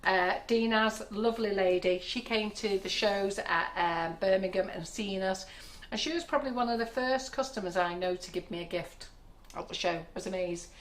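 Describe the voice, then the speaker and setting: A woman's voice: mid-range voice, normal speed. A woman in her sixties hosting a baking live stream from a kitchen, chatting in a rambling way and often laughing. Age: 60s. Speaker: baking show host. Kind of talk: casual live-stream chat.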